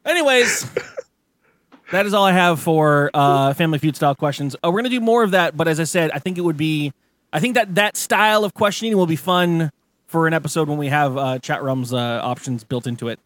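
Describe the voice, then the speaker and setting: A man co-hosting a podcast, telling stories in a loose, animated way, full of swearing and mock rants. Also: a little high, fairly quick, no room sound. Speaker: podcast co-host. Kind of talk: casual chat.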